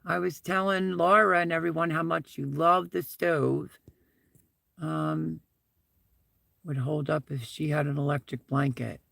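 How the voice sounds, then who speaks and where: A man hosts a casual live stream from inside his SUV, thanking viewers again and again and wandering from one story to the next. His voice is heavily gravelly with deep fry and sits a little high for a man. The sound is dry and close, with no room around it. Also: fairly even intonation, a little slow, pushed and bright, no echo. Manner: rambling, chatty, repeats thanks.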